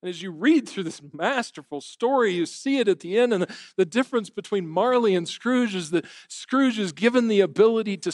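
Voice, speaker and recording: A man's voice: extremely high pitch, dry recording, clean studio sound. A middle-aged man preaching a sermon at a church service, talking in a conversational, self-deprecating way and often repeating words as he thinks aloud. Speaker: pastor.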